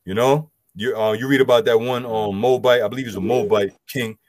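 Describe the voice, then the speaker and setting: A man's voice: medium pitch, fairly even intonation, brisk, no echo. A man, loosely explaining scripture and health to a group with lots of "you know" fillers. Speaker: group discussion speaker. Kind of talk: casual scripture teaching.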